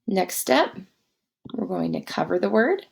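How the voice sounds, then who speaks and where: A woman teaching a guided spelling lesson, dictating words slowly and spelling them out letter by letter. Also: fairly low pitch, very animated, gravelly.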